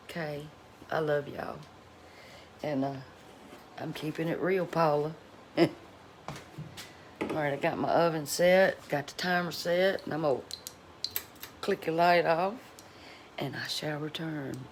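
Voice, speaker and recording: A woman's voice: deep voice, steady tone, slow, pauses often, slight background noise. A middle-aged woman, chatting folksily to her cooking channel viewers at home, laughing often. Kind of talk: casual chat to viewers.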